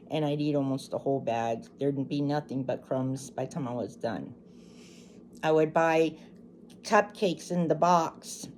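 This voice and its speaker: A woman's voice: mid-range voice, a little mellow, a little hiss or hum. A middle-aged woman casually telling a personal story to her viewers, rambling and restarting as she goes. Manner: chatty, rambling, lots of restarts and asides. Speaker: channel host.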